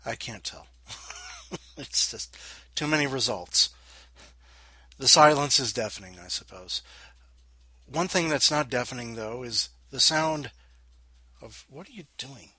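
A man's voice: mid-range voice, lively intonation, measured pace, long pauses, pushed and bright. A man hosting his own podcast in casual chat, rambling and self-deprecating, muttering asides to himself. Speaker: podcast host.

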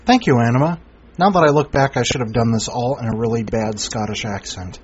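A man's voice: mid-range voice, a little fast, a little hiss or hum. A man hosting a podcast, introducing contributors with rambling, sarcastic jokes. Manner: rambling, jokey, sarcastic asides. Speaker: podcast host. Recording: dull lo-fi recording.

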